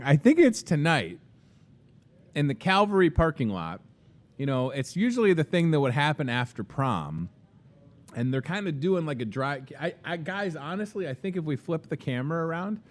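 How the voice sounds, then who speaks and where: A man hosting a live local morning show, chatting casually and upbeat into a handheld microphone. He keeps things loose, tossing asides to the crew between plugs. He is recorded inside a grocery store. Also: on the high side.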